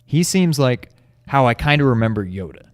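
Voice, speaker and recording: A man's voice: mid-range voice, animated, moderate pace, dry recording, clean studio sound. A man co-hosting a podcast, musing in an easygoing, reflective way in casual chat. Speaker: video game podcast co-host.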